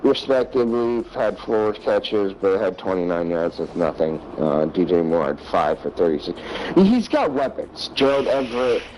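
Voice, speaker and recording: A man's voice: low-pitched, sing-song, normal speed, a little mellow, a little hiss or hum, low-quality recording. A man co-hosting a podcast, ranting bluntly about football with plenty of swearing in casual sports chat. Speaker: podcast co-host.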